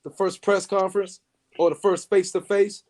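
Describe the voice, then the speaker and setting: A man co-hosting a podcast, talking in crude, excitable banter, swearing a lot and laughing often. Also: high-pitched, moderate pace. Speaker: podcast co-host.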